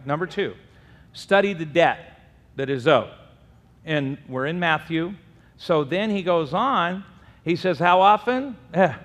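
Fervent pastor man preaching in a reverberant hall. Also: high-pitched. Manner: reads scripture aloud, swings between loud emphatic and quiet. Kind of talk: sermon.

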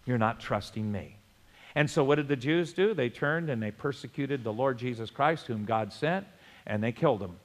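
A male pastor preaching a sermon in a church, with lively bursts and chuckles. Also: medium pitch, normal speed, in a large hall. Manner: animated preaching with sudden loud bursts and chuckles.

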